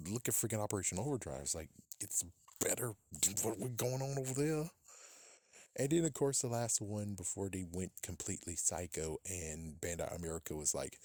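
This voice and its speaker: A man's voice: fairly low pitch, dark tone, no room sound, studio quality. A man hosting a podcast, ranting casually in a profane, exasperated way and laughing at his own jokes. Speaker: podcast host.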